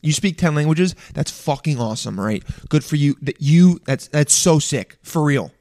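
A man delivering an animated, profane rant in a casual monologue, stammering and restarting often. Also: a little high, normal speed. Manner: profane, exasperated, animated ranting.

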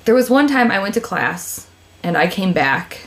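Casting note: young woman podcast host, animated, laughing, swears freely, mid-range voice. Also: mid-range voice, normal speed. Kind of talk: casual chat.

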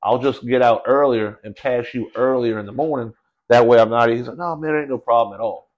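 A man telling a story in casual podcast chat, animated and slangy, calling people bro and dude. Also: medium pitch, fairly quick, lo-fi sound.

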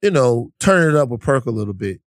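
A man's voice: mid-range voice, quick pace, dry recording, studio quality. A man co-hosting a podcast, chatting casually with profanity and jokes. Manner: profane, animated, jokey. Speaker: podcast co-host. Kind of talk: casual chat.

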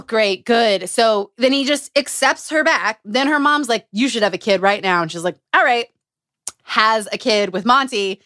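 A woman hosts a casual podcast about a celebrity memoir, talking in an animated, unfiltered way and now and then reading passages aloud. Her voice sits fairly high, and the close studio mic gives it a dry, dead sound with no room around it. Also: no room sound. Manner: animated, swears freely, reads passages aloud. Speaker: podcast host. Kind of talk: casual book-club podcast chat.

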